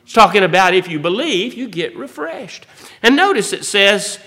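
A man's voice: high-pitched, big pitch swings, moderate pace, pushed and bright. A man preaching a sermon as pastor. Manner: folksy preaching, rising to bold emphasis.

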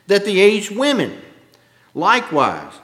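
A man preaching an expository sermon with a drawn-out, emphatic cadence, often clearing his throat. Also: high voice, huge pitch swings, fairly bright tone. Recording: echoey hall with long reverb.

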